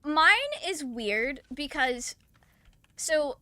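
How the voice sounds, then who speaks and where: A woman's voice: high-pitched, very slow, pushed and bright. A woman with a Southern US accent, chatting casually and giggling while streaming a game. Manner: giggly, chatty, lots of fillers. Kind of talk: casual chat while gaming.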